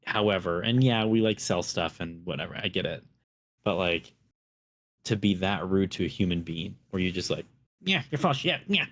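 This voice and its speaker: Man, deep voice, podcast co-host, casual chat, blunt and exasperated. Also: fairly even intonation, normal speed.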